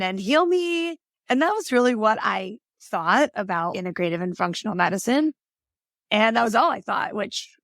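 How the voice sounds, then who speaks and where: A woman's voice: lowish voice, a bit bright, dry recording, studio quality. A woman being interviewed as a functional health practitioner, telling her story in an earnest, chatty way with lots of "like" and "right?". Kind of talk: casual interview talk.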